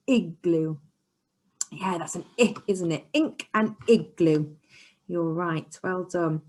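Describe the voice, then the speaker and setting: A woman teaching a phonics lesson to young children in an encouraging, sing-song way, sometimes dropping to a soft whisper. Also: fairly low pitch, slow pace. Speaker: early years teacher. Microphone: camera she sets up herself.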